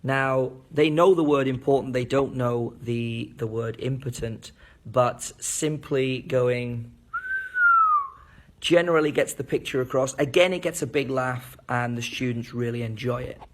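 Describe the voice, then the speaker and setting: A man teaching fellow teachers at a board, speaking clearly and enunciating each syllable as he demonstrates. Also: medium pitch, moderate pace, few pauses, slight background noise. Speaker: English teacher. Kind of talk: teacher training lesson at a board.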